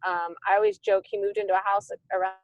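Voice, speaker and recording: A middle-aged woman, a nonprofit founder, telling stories in a lively conversational way and acting out the dialogue. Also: medium pitch, fast talker, dry recording, lo-fi sound. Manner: animated, acts out quoted dialogue. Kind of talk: conversational storytelling.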